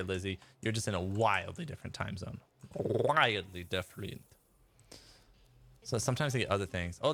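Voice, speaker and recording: A man's voice: fairly low pitch, gravelly, fairly bright tone. A man chatting casually as he streams a game and reads out chat messages. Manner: chatty, rambling, laughs, reads chat aloud. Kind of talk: casual gameplay commentary.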